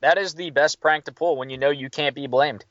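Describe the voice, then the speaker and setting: A man's voice: a little high, fairly quick, dry recording, muffled recording. A man telling a story in casual chat, swearing and acting out the people in it with raised voices. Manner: animated, swearing, quoting others in raised voices. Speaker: hotel worker telling a story.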